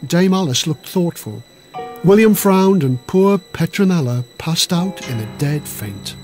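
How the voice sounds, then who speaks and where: A man's voice: a little high, expressive, measured pace, darkish tone, soft background music. A man giving scripted narration of a children's history story in a dramatic, vivid way.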